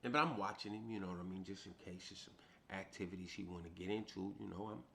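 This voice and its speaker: A man's voice: low voice, fast talker, creaky, fairly bright tone, slight background noise. A man from Sacramento, California, telling a prison story in laid-back street talk, tagging many lines with "right?".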